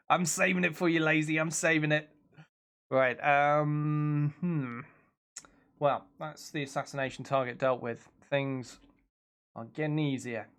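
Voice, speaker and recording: Speaking at a measured pace, this young man has a smooth, fairly bright, fairly high voice with fairly even intonation. He's live-streaming a video game from his home computer, keeping up casual chatter, reacting out loud to what happens and reading his viewers' messages.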